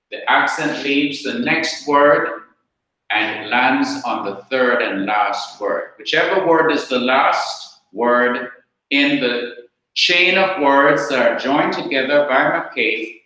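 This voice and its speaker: A man with a Jamaican accent teaching Hebrew grammar in a slow, deliberate classroom lecture, repeating his points. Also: mid-range voice, bright, forceful tone. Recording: very echoey room.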